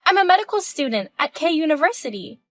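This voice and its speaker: Woman doing a smug bratty student girl, high and snotty, dry close sound. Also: sing-song, fast, no echo. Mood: taunting. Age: 20s. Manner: taunting, condescending. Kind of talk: scripted text-story reading.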